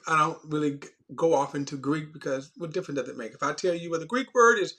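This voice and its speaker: A man teaching an informal Bible lesson in a conversational, unscripted way. His pitch sits a little high for a man, and he repeats and restarts phrases as he leans hard on key words. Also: fast talker, few pauses, bright, forceful tone.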